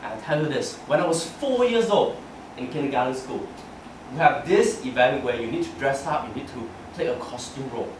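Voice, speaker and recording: A young man with a mid-range voice speaks animatedly and a little fast, delivering a humorous prepared speech at a club meeting. He tells stories about himself and laughs through his lines. The recording is noisy and distant, captured in an echoey room.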